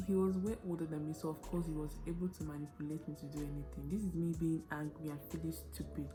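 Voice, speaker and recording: A young Nigerian woman telling a story on her vlog, animated and dramatic, with quick shifts of pace. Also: sits low, over music. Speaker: vlogger.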